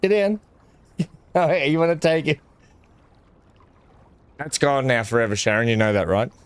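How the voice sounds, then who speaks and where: A man's voice: medium pitch, expressive, normal speed, dry recording. Chatty man talking to his dog. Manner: chatty, talks to his dog while opening gifts; muttering asides, frequent throat clearing. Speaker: gaming video creator. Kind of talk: casual unboxing chat.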